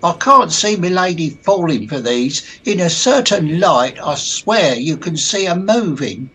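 A man doing a high husky cheeky sidekick, slow teasing delivery. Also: big pitch swings, pushed and bright, full character voice. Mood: joking. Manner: teasing, punning, giggly. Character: cheeky joking male sidekick Tom.

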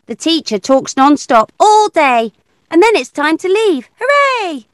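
A woman voicing a cheeky young girl in a children's audio story, bright, playful and sing-song. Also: extremely high pitch, very animated, unhurried, dry recording, full character voice. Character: cheeky young girl who teases machines.

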